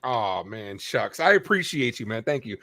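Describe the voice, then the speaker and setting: A man's voice: fairly low pitch, very animated, normal speed, pushed and bright. A man co-hosting a casual sports podcast, talking as a fired-up, rambling baseball fan. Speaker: play-by-play streamer and co-host.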